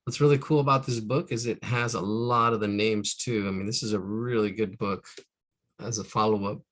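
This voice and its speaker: A man's voice: on the low side, steady tone, moderate pace, a bit bright. A man teaching caricature drawing live, talking through each stroke, counting aloud and trailing off into muttered asides. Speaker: art instructor.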